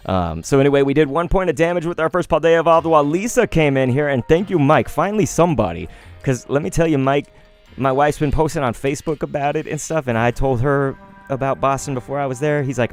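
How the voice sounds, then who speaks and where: A man in his thirties chatting casually on a card-opening live stream, rambling between stories and bursting into excited outbursts. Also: fairly high pitch, fast, faint music behind.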